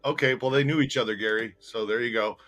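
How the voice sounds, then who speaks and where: A man's voice: medium pitch, fairly even intonation, fast talker, fairly bright tone, soft background music. A man hosting a casual podcast, laughing often and teasing his co-host while reading out viewer comments.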